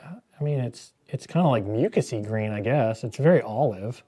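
A man's voice: medium pitch, expressive, moderate pace, warm tone, breathy edge. A man in his thirties hosting a casual painting demo, joking and rambling into movie tangents as he works.

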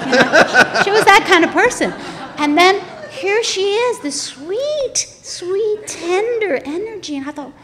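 A woman's voice: very high-pitched, sing-song, unhurried, background noise. A woman in her sixties, an author guest, telling a personal story in an earnest, reflective conversational way. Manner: earnest and reflective, drops to soft breathy asides.

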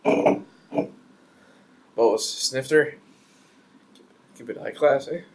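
Slow, rambling male beer reviewer. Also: mid-range voice. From Canada. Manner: rambling, joking, thinks aloud with fillers.

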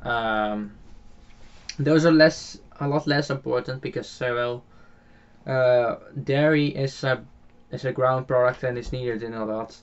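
A man with a Dutch accent talks through a farming game in a relaxed, halting way, often pausing on filler sounds and starting phrases over. His voice sits at a middling pitch. The home mic sounds dull and lo-fi. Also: smooth. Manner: hesitant, many filler sounds and restarts. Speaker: game channel host. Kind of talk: casual gameplay commentary voiced afterwards.

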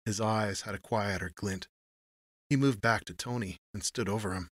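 A man narrating a noir story in a measured storytelling manner. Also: fairly low pitch, steady tone, fairly bright tone, no echo, clean studio sound.

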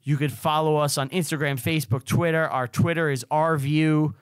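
A man co-hosting a casual podcast, talking in a relaxed, rambling way and sounding sleepy. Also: fairly high pitch, normal speed, clear, resonant tone, no room sound, studio quality. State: sleepy, yawning. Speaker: podcast co-host.

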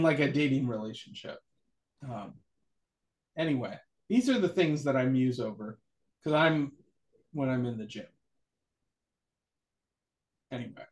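A man co-hosting a casual church talk show, joking and musing aloud, then reading scripture verses. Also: medium pitch. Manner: animated, jokey, muses aloud. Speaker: church podcast co-host.

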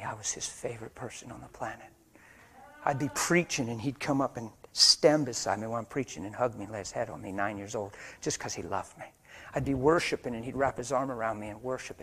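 An older white-haired preacher telling a story in a sermon, dropping to hushed whispers and rising to loud, fervent preaching before a live audience. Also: male voice, medium pitch, a little fast, a little hiss or hum. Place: church or meeting hall before a live audience.

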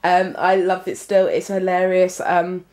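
A woman's voice: on the low side, completely flat delivery, unhurried, darkish tone. A woman in her twenties from the UK, chatting casually to her viewers while filming at home. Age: 20s. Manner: chatty and rambling, addressing viewers directly. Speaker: vlogger. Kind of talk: casual vlog chat. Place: at home indoors.

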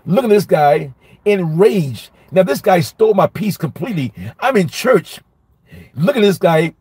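A male minister with a somewhat high, husky and mellow voice tells a personal story as a sermon. He speaks in an animated storytelling manner and says most phrases twice for emphasis. The sound is dry and close, with no room echo. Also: unhurried. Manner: repeats each phrase for emphasis. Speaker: minister teaching Bible study.

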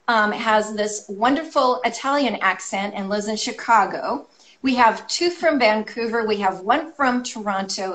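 A woman's voice: on the high side, fairly bright tone. A woman, a guest artist from California, chatting enthusiastically on a video call with lots of ums. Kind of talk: casual chat.

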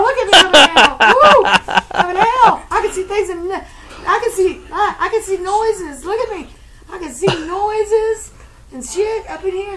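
A woman voicing a feisty, cranky house cat in a squeaky, cussing voice for a home video. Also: rough recording. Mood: wild, excited.

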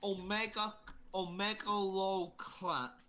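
A man's voice: high-pitched, flat delivery, takes it slowly, sharp tone. Drunk swearing man ranting. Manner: sweary, ranting, repetitive insults. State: drunk, slurring. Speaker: guest gamer. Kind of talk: drunk casual game chat. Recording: noisy home mic.

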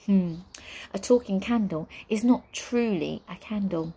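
A woman voicing a sly, smug witch in a storybook reading, with a slow, teasing delivery. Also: mid-range voice, warm tone, slightly rough. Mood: gleeful. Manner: cool, drawn-out, teasing delivery.

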